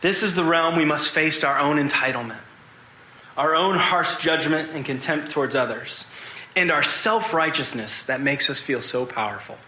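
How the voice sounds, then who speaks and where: A man gives a sermon in an echoey church hall, with a bright, forceful, slightly high voice. He speaks earnestly and confessionally, drawing the congregation in with questions. Faint room ambience sits under his words. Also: moderate pace. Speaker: preacher.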